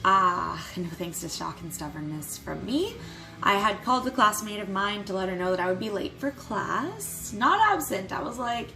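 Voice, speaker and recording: A young adult woman telling a personal story to camera in a vlog, candid and quick to swear, with nervous little laughs. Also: mid-range voice, animated, gravelly, sharp tone, soft background music, rough recording. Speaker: vlogger.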